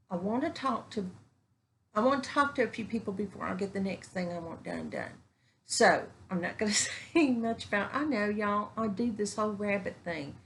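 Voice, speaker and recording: A woman's voice: mid-range voice, creaky, slight background noise. A woman talking casually and earnestly to her camera, rambling and folksy, repeating things for emphasis. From Texas. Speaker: vlogger. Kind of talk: casual heartfelt talk to camera. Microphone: camera mic.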